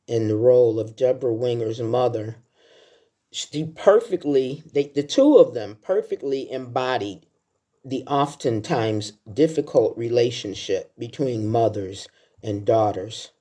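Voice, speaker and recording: In a very deep, mellow voice with lively intonation, a woman in her sixties talks a little slowly as a film vlogger. She chats casually through a countdown of her favorite films, sharing heartfelt stories along the way.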